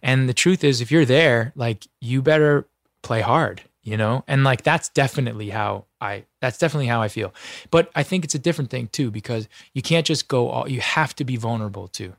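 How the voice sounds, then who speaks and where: Earnest male actor guest, heartfelt, halting, dry studio mic. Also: medium pitch, gravelly, dry recording. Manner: earnest, heartfelt, full of restarts and "you know". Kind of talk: casual interview talk.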